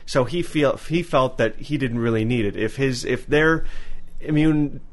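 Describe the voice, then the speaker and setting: A man's voice: mid-range voice, measured pace. A man co-hosting a podcast in casual chat, rambling and restarting his sentences. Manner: rambling, repeats words when starting sentences. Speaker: podcast co-host.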